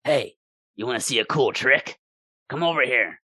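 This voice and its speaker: A man's voice: medium pitch, animated, moderate pace, sharp tone, no echo, clean studio sound. A man voicing a small, cocky male trickster fairy who taunts and cackles. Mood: taunting.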